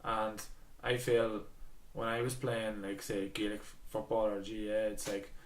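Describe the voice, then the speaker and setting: A man's voice: lowish voice, monotone, normal speed. A man with an Irish accent, hosting a casual podcast conversation, reflective and searching for his words. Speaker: podcast host. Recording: echoey room, distant from the mic.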